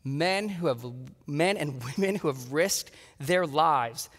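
A pastor giving a sermon, telling a story with lively acted-out dialogue. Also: male voice, a little high, takes it slowly, long reverb tail. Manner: animated storytelling, acting out his own dialogue.

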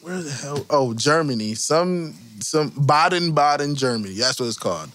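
A man's voice: a little high, normal speed. Man telling road stories, laughing often. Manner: animated, laughs through his stories. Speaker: guest musician. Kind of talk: casual podcast storytelling.

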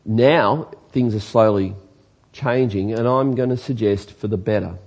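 A man's voice: on the low side, a little slow, darkish tone, breathy edge. A man with an Australian accent, preaching a sermon earnestly and emphatically, asking his congregation rhetorical questions. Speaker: pastor.

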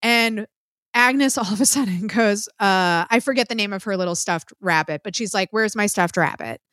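A woman co-hosting a podcast, recapping a film in a casual, profane, lively storytelling way. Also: mid-range voice, normal speed, no room sound, studio quality. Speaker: podcast co-host.

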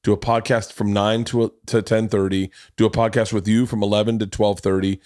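Low-voiced man hosting a podcast. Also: little pitch movement, a little fast, a little mellow, no room sound, clean studio sound. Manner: self-deprecating storyteller, restarts often, swears freely. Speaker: podcast host. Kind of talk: casual podcast chat.

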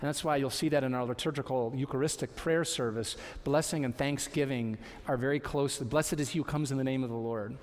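A man preaching a sermon as a pastor, conversational, with lively asides and acted quotes. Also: medium pitch, fairly quick, few pauses, in a large hall. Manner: conversational, warm asides, playful voices for quotes.

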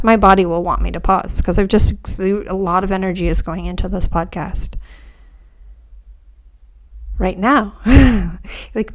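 A woman hosting a reflective spiritual podcast, talking softly and unhurriedly, often dropping to near whispers. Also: medium pitch, gravelly. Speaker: podcast host.

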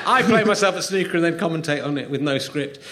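A man's voice: on the high side, lively intonation, fast talker, pushed and bright. A middle-aged man hosting a comedy podcast, chatting casually with a rambling, joking, self-mocking manner. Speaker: podcast host. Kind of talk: casual comedic chat on stage.

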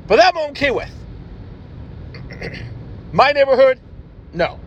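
Man, high-pitched voice, podcast host, blunt and profane, ranting, faint background noise. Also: very animated, slow, pauses often, muffled recording.

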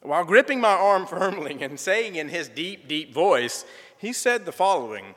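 Lively man giving church testimony. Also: high voice, normal speed. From southern United States. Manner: folksy storytelling with gentle humor. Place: church sanctuary. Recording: reverberant church sanctuary.

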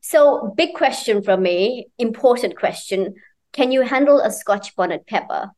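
A woman's voice: a little high, animated, unhurried, darkish tone. A woman interviewing a guest in a friendly, upbeat way. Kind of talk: casual interview.

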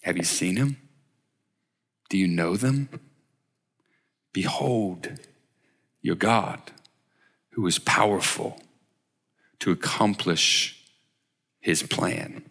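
Guy preaching a sermon real slow, bright voice, big hall echo behind him. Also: sits low. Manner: slow, emphatic preaching with rhetorical questions. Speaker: worship leader giving a short sermon. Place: church sanctuary.

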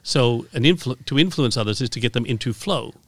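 Brief: Canadian man, mid-pitch, passionate, rambling podcast guest, dry close sound. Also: animated, fairly quick, dry recording. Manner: enthusiastic, rambling with restarts. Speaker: guest, keynote speaker. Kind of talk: podcast interview.

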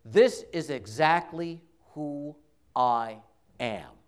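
Animated, unhurried male homilist. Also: fairly high pitch, smooth. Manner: conversational, dramatic storytelling with emphatic repetition. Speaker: priest preaching a homily. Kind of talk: sermon. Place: church. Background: congregation.

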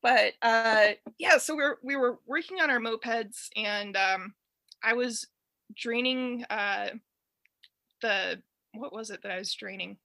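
A woman's voice: a little high, slow pace, creaky, no echo. Laughing Detroit-born woman telling a story. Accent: Detroit with a Southern tinge. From Detroit, USA. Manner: laughs often, rambling animated storytelling. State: allergies, clearing throat. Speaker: guest storyteller. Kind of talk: casual chat. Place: in bed at home.

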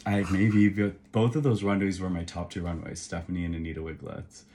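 A low-voiced man co-hosts a podcast, rambling through casual chat with lots of fillers and sudden bursts of excitement. A faint hiss sits under his voice. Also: fairly quick. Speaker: podcast co-host.

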